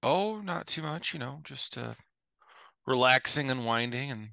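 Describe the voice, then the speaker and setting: A man's voice: medium pitch, lively intonation, measured pace, vocal fry, sharp tone, no echo, lo-fi sound. A man appearing as a guest on a casual podcast, laid-back and dry-witted. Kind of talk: casual chat.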